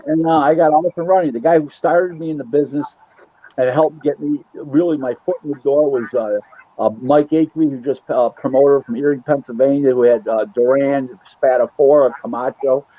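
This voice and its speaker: A man's voice: mid-range voice, fairly quick. A man from Buffalo, New York, telling stories as a boxing matchmaker in a casual interview, acting out the dialogue as he goes. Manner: animated storyteller who acts out quoted dialogue. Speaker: boxing matchmaker and booking agent. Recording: dull, lo-fi, dry sound.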